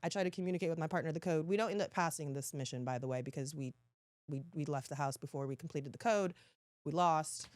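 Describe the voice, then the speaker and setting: A woman guest in a casual chat, telling animated stories and laughing often. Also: deep voice, fast talker, no room sound.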